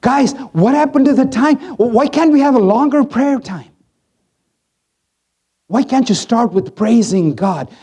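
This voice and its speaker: A man delivers a sermon in a husky, rather high voice. His pitch leaps and falls as he moves between hushed asides and loud acted-out lines. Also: measured pace. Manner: animated, swings from hushed to loud, acts out voices. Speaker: pastor.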